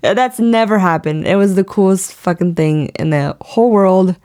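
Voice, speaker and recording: A woman's voice: mid-range voice, moderate pace, warm tone, clean tone. A woman co-hosting a podcast in casual chat, laughing often and trailing off as she gushes. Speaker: podcast co-host.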